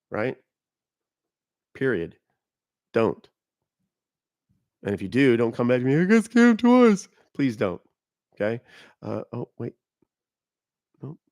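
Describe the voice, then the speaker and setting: A man's voice: medium pitch, vocal fry, no room sound, studio quality. A man hosting a live stream, talking casually to viewers and giving blunt, emphatic warnings. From United States. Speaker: livestream host. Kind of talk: casual livestream talk to viewers.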